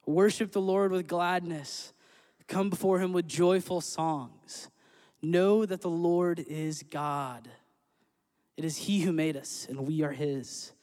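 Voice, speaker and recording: A man's voice: on the high side, steady tone, slow pace, a little mellow. Upbeat man leading worship in a church hall. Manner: upbeat, joking, earnest. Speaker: worship leader. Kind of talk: church service worship talk and scripture reading. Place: church sanctuary. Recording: echoey church hall with long reverb.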